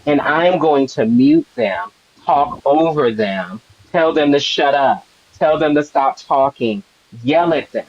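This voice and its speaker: A man's voice: fairly high pitch, animated, a little slow. A man hosting a live stream, giving heated commentary with emphatic, repetitive build-ups. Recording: dull lo-fi stream audio with faint noise.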